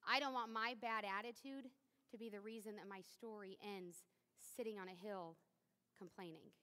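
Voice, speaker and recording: A woman's voice: mid-range voice, fairly even intonation, normal speed, sharp tone. A woman in her thirties preaching a sermon in a chatty, joking way with playful asides. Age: 30s. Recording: long church-hall reverb.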